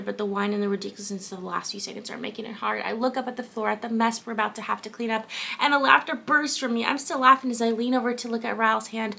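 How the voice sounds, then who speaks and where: A woman's voice: fairly high pitch, vocal fry, pushed and bright, a little hiss or hum. A young woman recapping a novel she loves, reading passages aloud and reacting with emotion and casual swearing. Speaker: book vlogger.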